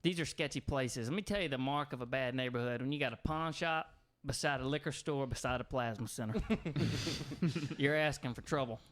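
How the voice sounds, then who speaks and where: A man's voice: medium pitch, brisk, fairly bright tone. Man drawling a wry story. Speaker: podcast co-host. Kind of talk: casual chat.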